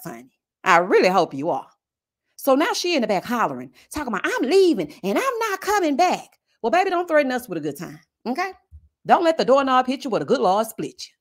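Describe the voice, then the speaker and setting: Woman vlogger reviewing reality TV, sassy and theatrical, higher voice with big swings. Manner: sassy, animated, acts out quoted people. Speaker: reality TV commentator.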